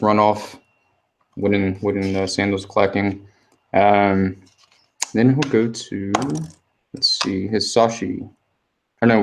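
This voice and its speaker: A man narrating as game master, relaxed and full of fillers as he describes scenes. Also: on the low side, slight background noise.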